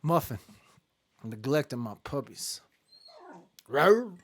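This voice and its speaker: A man hosting a casual live stream, rambling and joking, swinging between low muttering and loud outbursts. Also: lively intonation, normal speed. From Ireland.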